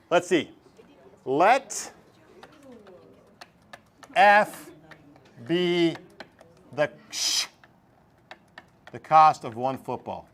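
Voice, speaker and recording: A man teaching math in a classroom, pitched a touch high. He jokes with his students and keeps the lesson lively and direct. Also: normal speed, long pauses. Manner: lively, joking, talks straight to students.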